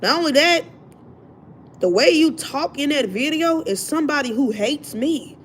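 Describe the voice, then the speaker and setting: A woman hosting her own livestream, telling a story in an indignant, animated way. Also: sits high, moderate pace, a little hiss or hum. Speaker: livestream host. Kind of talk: casual livestream rant.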